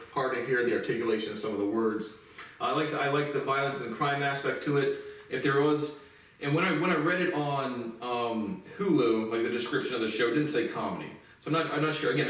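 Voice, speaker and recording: A man's voice: medium pitch, a bit bright. Rambling man in an echoey room. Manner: rambling, many restarts and fillers, casual swearing. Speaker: TV reviewer. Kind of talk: casual spoken review. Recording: echoey room, mic at a distance.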